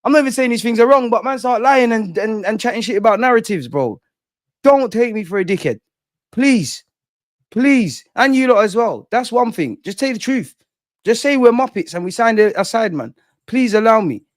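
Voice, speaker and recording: A man's voice: sits high, normal speed, dry recording, studio quality. A young man, ranting and swearing in exasperation as a football fan channel host. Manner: animated, profane, exasperated ranting.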